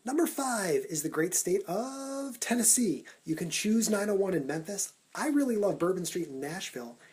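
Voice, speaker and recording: Energetic husky-voiced male vlogger. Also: sits high, normal speed. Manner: energetic, punchy countdown delivery. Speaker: social media vlogger. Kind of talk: upbeat Snapchat vlog talk.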